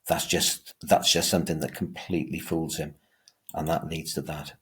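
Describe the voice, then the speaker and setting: Deep-voiced male teacher lecturing. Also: little pitch movement, normal speed, bright, forceful tone. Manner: emphatic, often restarts and repeats words. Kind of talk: revision lecture.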